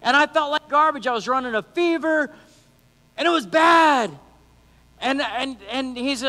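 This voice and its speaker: A man's voice: very high voice, unhurried. A man preaching a sermon in a casual, conversational way, acting out the lines of people in his stories. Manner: animated, conversational, acts out quotes. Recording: long hall reverb.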